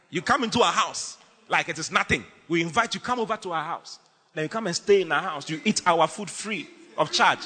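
A man preaching a lively, humorous sermon as pastor, teasing his congregation with bursts of shouting. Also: on the high side, a little fast, husky, long reverb tail.

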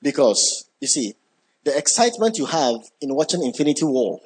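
A man preaching a sermon, emphatic, repeating key words and building up when excited. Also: on the high side, moderate pace, breathy edge.

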